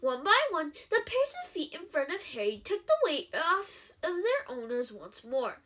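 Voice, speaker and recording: A woman reading a novel aloud in an expressive storytelling manner. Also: high-pitched, normal speed. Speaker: reader.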